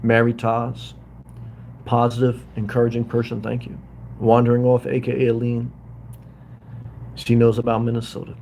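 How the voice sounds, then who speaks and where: A middle-aged man talks loosely and warmly off the cuff, drifting between topics and calling out his viewers by name. His pitch sits in an ordinary middle range. A faint hiss of room noise sits under his voice. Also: moderate pace. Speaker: livestream host living in a hotel. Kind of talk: casual livestream chat reading comments. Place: hotel room.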